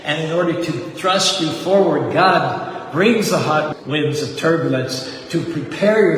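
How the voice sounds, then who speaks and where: A man in his seventies preaches earnestly, his voice sitting a little high for a man. He is heard from some distance in a big, echoing hall with long reverb. A faint hiss sits underneath. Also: unhurried, a bit bright. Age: 70s. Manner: earnest, exhorting, leads chants. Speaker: temple preacher. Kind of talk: sermon with rap and call-and-response chanting. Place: temple hall. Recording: echoey hall from far off, faint noise.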